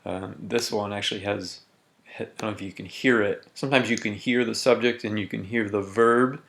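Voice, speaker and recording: Guy teaching grammar on a recorded lesson, kinda low voice, walks through it step by step, keys clacking in the background. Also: fairly even intonation, vocal fry, fairly bright tone. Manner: methodical, reads example sentences slowly with emphasis.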